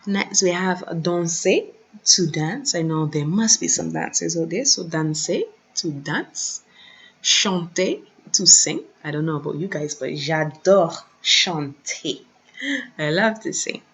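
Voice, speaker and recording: A woman teaching a recorded online lesson, repeating each word slowly and carefully for practice, speaking into a computer mic at her desk. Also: sits low, fairly bright tone. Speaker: French teacher. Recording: dull, slightly lo-fi recording.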